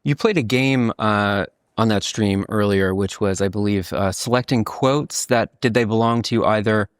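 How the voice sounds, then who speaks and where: A man hosting a podcast interview and asking questions in a calm way. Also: on the low side, moderate pace, smooth, no echo, clean studio sound. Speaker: podcast host.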